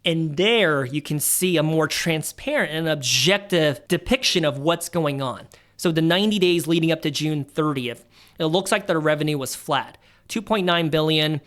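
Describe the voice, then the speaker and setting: Chatty man in his thirties analyzing stocks. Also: a little high. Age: 30s. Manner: chatty, animated, jokey asides mid-analysis. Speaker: investing channel host. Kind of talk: casual screen-share stock analysis tutorial.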